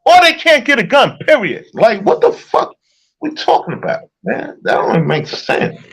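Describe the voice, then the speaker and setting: A man's voice: very high-pitched, huge pitch swings, moderate pace, vocal fry, slight background noise. A man giving heated, profane casual commentary while reacting to a video, repeatedly incredulous. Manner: heated, incredulous, swears a lot.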